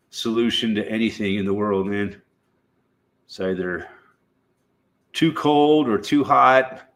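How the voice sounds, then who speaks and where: A middle-aged American man hosting a casual, rambling chat, swearing freely and laughing between thoughts. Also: medium pitch. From United States. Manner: swearing, laughs often, drawn-out slow talk. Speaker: livestream host.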